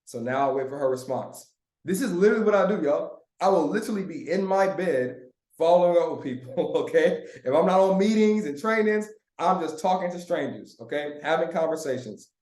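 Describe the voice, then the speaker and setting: A man leading a live online sales training, coaching his group in a lively, chatty way and often laughing. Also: a little high, fairly quick, echoey room.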